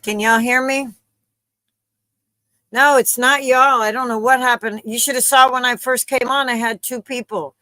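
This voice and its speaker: A woman's voice: a little high, steady tone, normal speed, bright, forceful tone, dry recording, low-quality recording. A woman hosting a live stream, chatting casually and a little flustered as she talks straight to her viewers. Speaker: livestream host.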